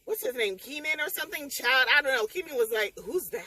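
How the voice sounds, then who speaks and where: A young woman vlogging, chatting excitedly and emotionally about a book she just read, talking straight to her viewers. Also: high voice, brisk, few pauses, poor audio. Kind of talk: casual chat.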